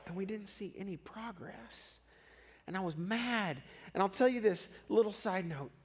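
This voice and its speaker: High-voiced man preaching a personal story. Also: moderate pace. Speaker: pastor. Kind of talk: sermon.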